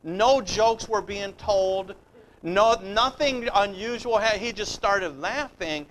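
Man, sermon preacher, high-pitched voice, chatty storytelling, faint room ambience. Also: slow pace, a bit bright, a little hiss or hum, rough recording. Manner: conversational, storytelling, acts out dialogue.

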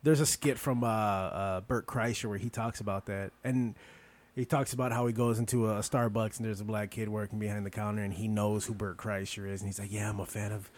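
A man hosting a casual podcast chat, swearing freely as he rambles through stories. He tends to jump up in volume when he gets excited, then settle back into an easy, loose drawl. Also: fairly low pitch, brisk. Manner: loose, profane storytelling with loud bursts. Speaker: podcast host.

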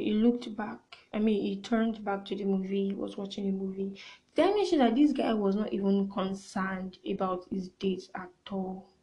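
A young woman hosting a podcast, chatting through a casual story in an expressive way and sometimes dropping into hushed asides. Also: mid-range voice, poor audio. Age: young adult. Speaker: podcast host.

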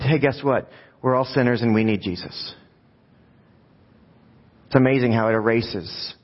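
A man preaching a conversational sermon, often asking the congregation rhetorical questions. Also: mid-range voice. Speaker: pastor. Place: church sanctuary. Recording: dull sound with long hall reverb.

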